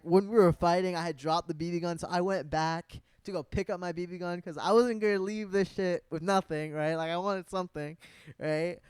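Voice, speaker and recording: A man casually telling a long personal story, rambling with lots of fillers and plenty of swearing, growing animated at the peaks. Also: high-pitched, clean tone, dry recording. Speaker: vlogger.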